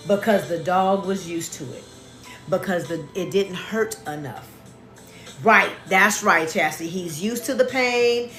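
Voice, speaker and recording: A woman's voice: a little high, a bit bright, echoey room. A woman coaching a live class in a casual, talky way, often checking in with "right?" and greeting viewers by name. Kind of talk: motivational live class talk.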